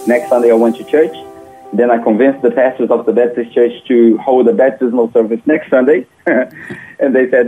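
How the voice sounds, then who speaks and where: A man from Brazil, telling his personal testimony in an earnest, animated way with small grammar slips. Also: mid-range voice, fairly quick, soft background music. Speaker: interview guest. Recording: tinny phone line.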